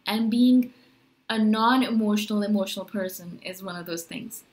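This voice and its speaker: A woman vlogger talking casually to camera, rambling and animated, full of "like" and self-questions. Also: medium pitch, moderate pace. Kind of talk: casual talking-head monologue.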